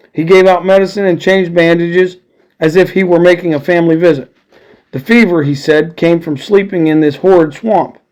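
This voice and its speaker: A man's voice: high voice, darkish tone. Man casually reading an adventure story. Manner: casual, friendly asides to listeners.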